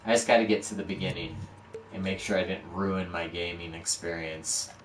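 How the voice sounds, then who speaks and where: Here a deep-voiced man speaks in a level tone at normal speed over a noisy background. It's casual live-stream commentary on building his game, full of self-mockery as he walks through each step, with a dog barking, a roomy echo, and the mic somewhat far off.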